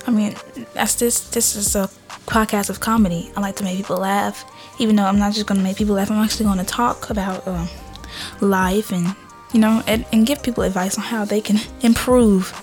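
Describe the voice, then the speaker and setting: A woman's voice: mid-range voice, a little mellow. Rambling young woman podcast host. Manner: rambling, many fillers and restarts. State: out of breath. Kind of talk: casual solo podcast chat.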